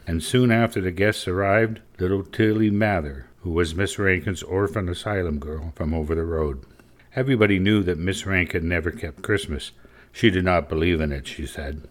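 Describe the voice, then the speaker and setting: Brief: low-voiced man reading a storybook, measured and steady. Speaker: narrator. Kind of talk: audiobook story narration.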